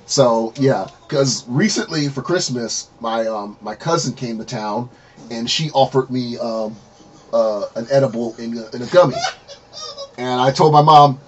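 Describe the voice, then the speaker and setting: A man hosting a casual podcast interview, telling stories with lively acted-out quotes and frequent laughter. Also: medium pitch, moderate pace, breathy edge, dull audio. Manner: animated storyteller, acts out quotes, laughs often. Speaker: podcast host.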